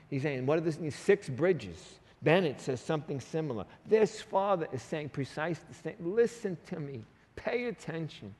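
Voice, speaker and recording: A man's voice: on the high side, expressive, normal speed, a little mellow. A man preaching a sermon as a pastor, with a pleading, conversational way of talking and frequent asides. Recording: reverberant hall.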